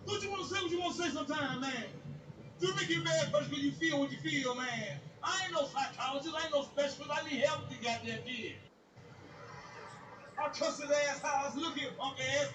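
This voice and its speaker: High-voiced man ranting crudely on stage. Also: brisk, noisy background. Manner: loud, crude, animated ranting. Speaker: stand-up comedian. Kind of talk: profane stand-up storytelling. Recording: echoey live recording from far off.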